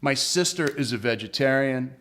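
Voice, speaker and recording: A man, a comedian, telling a personal story in an interview with animated, joking delivery. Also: mid-range voice, moderate pace. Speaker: comedian guest.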